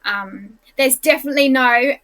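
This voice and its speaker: A woman's voice: high-pitched, moderate pace, fairly bright tone, poor audio. A woman with an Australian accent, chatting casually as a podcast guest and laughing through her stories. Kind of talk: casual chat.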